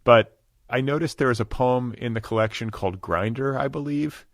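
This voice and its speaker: A man's voice: mid-range voice, normal speed, dry recording, clean studio sound. A man hosting a podcast, asking curious, chatty questions in a casual interview. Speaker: podcast host.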